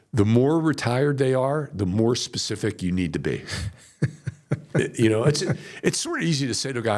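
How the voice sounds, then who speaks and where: With a lowish voice at normal speed, a middle-aged man who's spent years as a wholesaler talks in a conversational, coaching style. He tells stories animatedly, performing his clients' quotes along the way.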